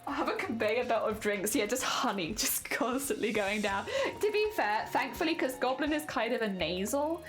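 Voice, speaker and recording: High-voiced giggly woman streamer. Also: animated, normal speed. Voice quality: high-pitched voice. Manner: chatty, giggly, self-deprecating. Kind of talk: casual live-stream chat.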